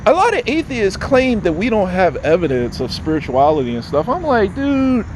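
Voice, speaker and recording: Agitated, lively-pitched male vlogger. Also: a little fast, background noise. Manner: agitated, profane, repetitive. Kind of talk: casual rambling monologue.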